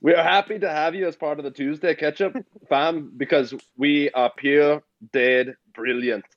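A man's voice: a little high, fairly even intonation, normal speed, no room sound, lo-fi sound, lightly acted. A man putting on an exaggerated mock Scottish accent while reading a comically formal apology. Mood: cheery. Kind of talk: comedic put-on voice in a podcast.

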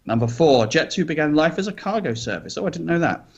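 A man's voice: on the high side, lively intonation, quick pace, vocal fry, husky, highs cut off. A man co-hosting a podcast, reading news items aloud with chatty asides and light jokes. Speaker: podcast co-host.

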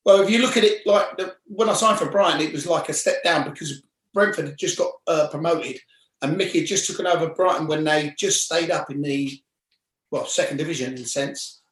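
London guy in his forties, lively yarn-spinner, slightly high voice, echoey room. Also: a little fast. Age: 40s. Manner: animated, acts out quoted voices. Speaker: interview guest, former footballer. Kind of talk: casual storytelling.

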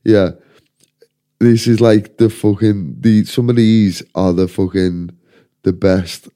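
A man's voice: fairly low pitch, steady tone, takes it slowly, dark tone. A man with a Scouse accent, hosting a casual comedy podcast, ranting and swearing as he rambles. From Liverpool, England. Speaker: podcast host. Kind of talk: casual chat.

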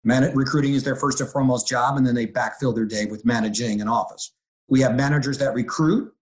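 A man's voice: medium pitch, fairly even intonation, brisk. A middle-aged man speaking as a real estate executive in a conversational interview, energetically acting out quoted dialogue.

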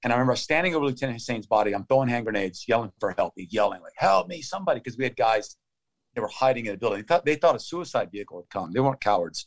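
A man in his fifties, interviewed as a guest, tells a story in conversational fashion with a medium-pitched, animated voice at a very fast clip. His play-by-play is urgent and vivid, delivered in short clipped phrases, and he frequently restarts his thoughts midstream.

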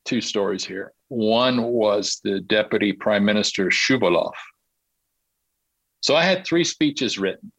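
Low-voiced man telling lively anecdotes. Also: measured pace, no room sound, poor audio. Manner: animated anecdote-telling, acts out quoted dialogue. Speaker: interview guest, Olympic marketing consultant. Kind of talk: casual storytelling in a podcast interview.

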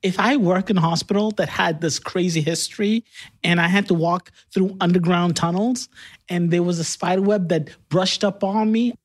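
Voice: medium pitch, steady tone, moderate pace. A podcast co-host talking in a skeptical, emphatic way, often laughing. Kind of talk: casual chat.

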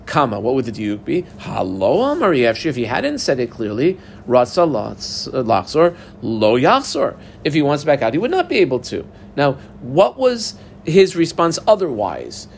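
A man's voice: mid-range voice, huge pitch swings, moderate pace, vocal fry, slight background noise. A man teaching a Talmud passage, methodically reading Aramaic phrases, translating them and telling learners how to mark up the text. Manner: methodical, guides text markings step by step. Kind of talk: text study lesson.

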